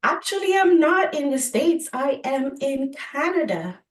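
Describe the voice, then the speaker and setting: Slow, low-voiced woman in a roomy echo. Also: animated. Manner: slow, careful explaining. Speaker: author guest. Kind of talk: interview answers. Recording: roomy sound, distant from mic.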